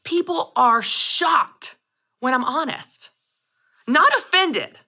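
A woman in her thirties hosting a solo podcast, telling personal stories with animated delivery and acting out quoted lines. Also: high voice, takes it slowly. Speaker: podcast host. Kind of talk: scripted solo podcast monologue.

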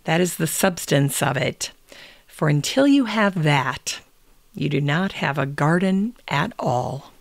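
A woman hosting a gardening podcast in scripted, unhurried narration, reading quotations aloud. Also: deep voice, animated, creaky, no echo. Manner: unhurried, reads quotes aloud. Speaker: podcast host.

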